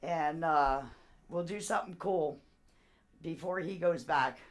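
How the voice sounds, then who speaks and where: A woman's voice: sits low, slow pace. A woman chatting loosely with viewers on her live stream as a seller. She rambles from one thing to the next and laughs often as she talks.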